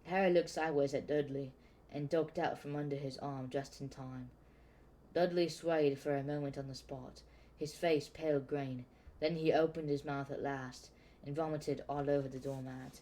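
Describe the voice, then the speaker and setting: A man's voice: on the high side, fairly even intonation, normal speed, darkish tone, rough recording. A man casually reading a novel aloud, often stumbling and restarting words. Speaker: audiobook reader. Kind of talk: casual amateur book reading.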